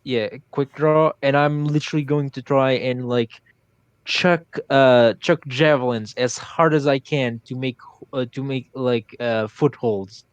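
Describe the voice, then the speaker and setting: Slow, hesitant male player, smooth voice. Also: medium pitch, fairly even intonation, no room sound, dull audio. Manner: hesitant, thinks aloud, swears casually. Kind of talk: casual tabletop play.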